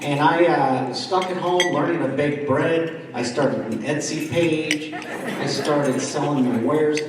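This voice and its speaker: A man's voice: on the high side, a little slow, noisy background. A man from the East Coast of the United States doing stand-up comedy at a dinner and chatting with the crowd. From East Coast of the United States, around Washington, D.C. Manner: chatty crowd work, often asking the audience questions. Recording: echoey hall, voice from far off.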